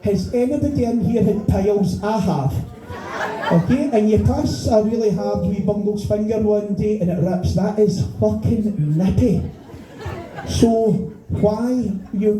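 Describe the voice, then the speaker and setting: Ranting middle-aged Scottish stand-up comic. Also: male voice, high-pitched, measured pace, warm tone, a faint crowd. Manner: profane ranting, exasperated rhetorical questions. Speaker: stand-up comedian. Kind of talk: stand-up comedy set. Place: small bar venue stage. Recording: echoey bar room.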